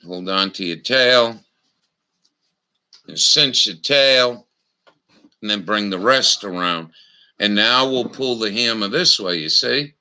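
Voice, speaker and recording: A man hosting a casual livestream, showing knots slowly and cracking crude jokes with viewers in the chat. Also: on the low side, lively intonation, bright, forceful tone, low-quality recording. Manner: salty, crude humor with frequent swearing; slow, instructional, talking to chat viewers. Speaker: livestream host.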